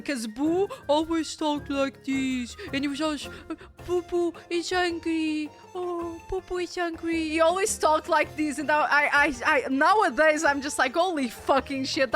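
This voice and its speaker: Give me a young Portuguese-accented woman streaming a game, high-pitched, laughing and chatting casually. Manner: excitable, laughs often, swears casually. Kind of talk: casual chat while gaming.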